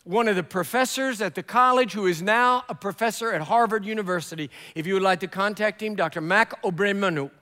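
Animated male preacher in a hall. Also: high-pitched, fairly quick, few pauses. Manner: animated storyteller acting out dialogue. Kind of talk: sermon storytelling.

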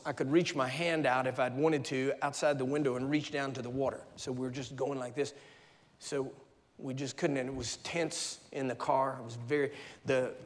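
American preacher in an echoing hall. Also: male voice, medium pitch. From United States. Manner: vivid, dramatic storytelling with sound effects. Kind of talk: storytelling sermon. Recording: long reverb of a large hall.

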